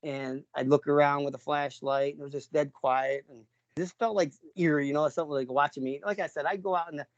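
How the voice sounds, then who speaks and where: A man from New York telling a personal story in a loose, rambling way, full of fillers and restarts, often clearing his throat. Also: on the high side, steady tone, brisk, no echo. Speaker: interviewee, father recounting an encounter. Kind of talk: casual spoken storytelling. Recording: dull lo-fi recording.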